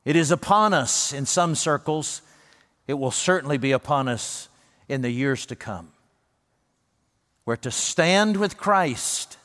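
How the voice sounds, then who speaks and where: A man preaching a sermon as pastor, earnest and emphatic, slowing down and lifting his voice for the words he quotes. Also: mid-range voice, a bit bright, in a large hall.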